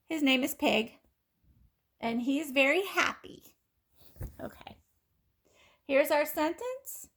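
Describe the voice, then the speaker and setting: A woman teaching kindergarten children phonics, sounding out letters and words slowly and clearly in a patient, encouraging way. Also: high voice. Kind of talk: phonics lesson for young children.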